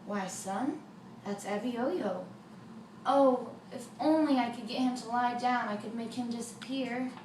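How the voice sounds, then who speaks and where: A woman voicing a calm father who is a magician, speaking slowly, in a roomy recording from a distant mic. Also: a little high, slight background noise, close to an everyday voice.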